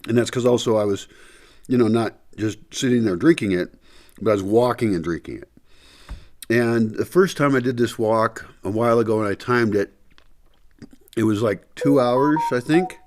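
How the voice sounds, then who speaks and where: Speaking at a normal pace in a mid-range voice with a darkish tone, a vlogger chats casually to his camera inside a house before dawn. A candy in his mouth softens his words a little as he rambles, thinks aloud, and fills gaps with fillers.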